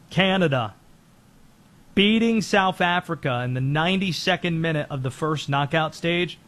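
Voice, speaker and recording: A man hosting a sports show, giving rapid-fire, opinionated commentary on football and soccer. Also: fairly high pitch, fairly bright tone.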